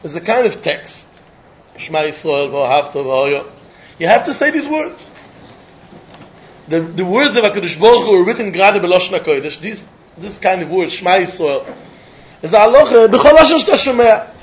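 High-voiced man giving a Talmud lecture. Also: fairly quick, dull audio, a little hiss or hum. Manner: lively, questioning, mixes English with Yiddish and Hebrew terms. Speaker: Talmud teacher.

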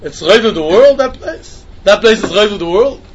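A man giving a yeshiva-style Talmud lecture in a quick sing-song study chant. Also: sits high, animated, slightly rough, lo-fi sound. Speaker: Talmud teacher.

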